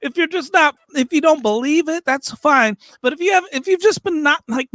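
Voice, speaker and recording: Guy with a really high voice backing up the host on a podcast, dry sound. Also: normal speed, sharp tone, no echo. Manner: agreeing, emphatic. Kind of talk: casual podcast chat.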